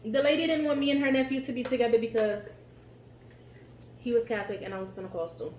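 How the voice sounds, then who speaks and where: A woman chatting casually and telling family stories with an animated, easily amused delivery. Her voice rings in an echoey room with a faint hum behind it. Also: on the high side, fast talker. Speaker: co-host of a couple's channel. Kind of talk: casual storytelling chat.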